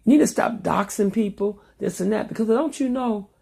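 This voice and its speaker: A woman's voice: mid-range voice, normal speed, creaky, mellow, slightly rough. A middle-aged woman talking to her vlog audience in a blunt, profane, heated storytelling manner. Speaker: vlogger. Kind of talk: casual monologue vlog.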